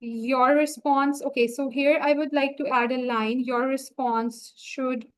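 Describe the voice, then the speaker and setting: A woman walking viewers through a software setup on a screen-share tutorial, talking through each click as she goes. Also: high-pitched, fairly even intonation, rough recording. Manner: slow, explanatory, talks through each click. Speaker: software trainer.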